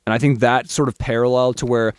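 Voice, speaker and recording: A man riffs through a casual podcast chat, loose and profane. His pitch sits in the middle range. The sound is dry and close, with no room echo. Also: fairly even intonation, fast, clean tone. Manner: loose, profane, acts out voices in quotes. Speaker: podcast co-host.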